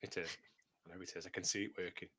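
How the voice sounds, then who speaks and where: Crowd noise sits behind this deep-voiced man, who talks very fast with little pitch movement. He hosts a running podcast from his home office, keeping it chatty and self-mocking with plenty of laughter.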